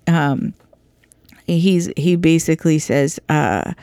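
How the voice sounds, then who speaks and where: A woman giving an informal, earnest bible teaching, halting with many restarts. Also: fairly low pitch, darkish tone, no echo, clean studio sound.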